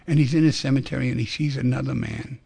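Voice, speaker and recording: A man hosting a radio call-in show, talking in an animated, playful storytelling way into a studio microphone. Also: mid-range voice, fast, creaky, husky, no echo. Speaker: radio talk show host.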